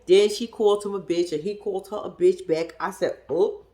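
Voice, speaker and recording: A woman giving a casual, blunt and profane recap of a reality show, talking in an animated storytelling way. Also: mid-range voice, brisk.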